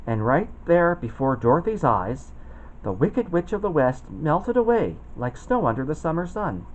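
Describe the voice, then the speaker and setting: A man reading a children's storybook aloud, expressive and putting on voices for the characters. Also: on the high side, normal speed, lo-fi sound. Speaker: storybook reader.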